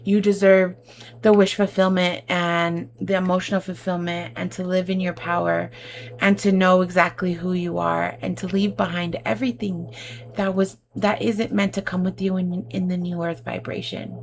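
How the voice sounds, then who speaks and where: A woman's voice: lowish voice, little pitch movement, normal speed, vocal fry. A woman giving an effusive, emotional tarot reading to her viewers, calling them babe and my love. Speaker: tarot reader.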